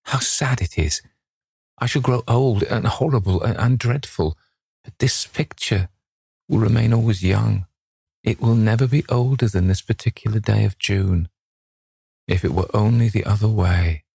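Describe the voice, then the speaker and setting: An anguished, vain young beauty, as a man puts him on for an audiobook, his voice lifted well above the reader's own. The pleading runs through a husky grain, and the recording is dry and close. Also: lowish voice, normal speed, a little mellow, dry recording, voice pushed up. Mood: wistful. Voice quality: emotional, pleading.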